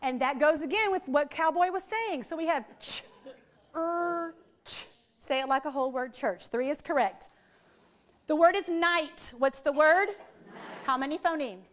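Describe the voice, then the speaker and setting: A middle-aged woman, leading a lively, chatty teacher training workshop for a group in a training room. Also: sits high, normal speed. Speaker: literacy trainer.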